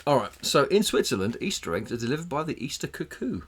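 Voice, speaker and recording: A man's voice: medium pitch, very animated, fast talker, fairly bright tone, husky. A man co-hosting a casual podcast, sharing trivia in a chatty way and swearing freely. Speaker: podcast co-host. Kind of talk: casual banter.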